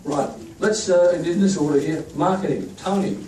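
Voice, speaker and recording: His voice sits a little high with a darkish tone, and he moves at a moderate pace. He is an institute leader introducing his staff to a crowd at a staff event, keeping it chatty and joking. Recorded in an echoey room on a distant mic, crowd noise included.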